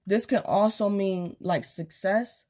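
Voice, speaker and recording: A woman's voice: medium pitch, slow, a little mellow. A woman casually giving a tarot reading, speaking straight to the viewer and acting out quotes from imagined people. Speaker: tarot reader.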